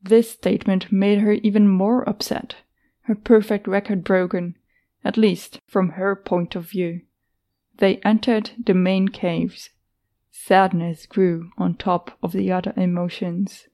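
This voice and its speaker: A woman narrating a novel in a slow, deliberate reading. Her tone is mellow and warm, with a mid-range pitch. The delivery is unhurried and scripted. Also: level tone. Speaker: audiobook narrator.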